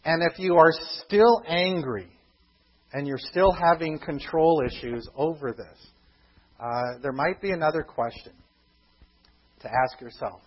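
Preacher, male, higher-pitched and husky, animated storyteller, muffled lo-fi sound. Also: a little slow. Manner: animated storytelling, acts out the characters' thoughts. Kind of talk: sermon.

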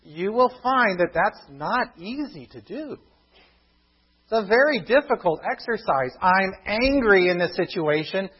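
A man preaching a sermon as pastor, earnest and emphatic, dropping to a hushed tone on key points. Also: high-pitched, animated, measured pace, breathy edge, muffled recording.

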